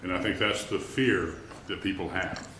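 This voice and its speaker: A man's voice: sits low, moderate pace, pushed and bright, slight background noise. A man serving as planning commissioner, speaking bluntly and directly at a public meeting. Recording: roomy meeting hall echo.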